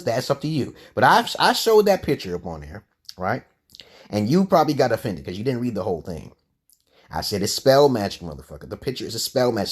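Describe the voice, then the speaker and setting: A rambling man ranting on a livestream with a wildly swinging voice. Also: husky. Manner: rambling, swearing, swinging between low mutters and loud outbursts. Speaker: livestream host. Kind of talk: profane live-stream rant.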